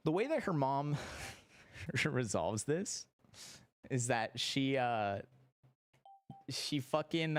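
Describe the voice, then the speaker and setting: A young man streaming, telling a story casually, animated and profane, his voice shooting up when excited and sinking low when he reflects. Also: drawn-out words, pauses often. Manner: animated, swearing, jumps high in pitch when excited.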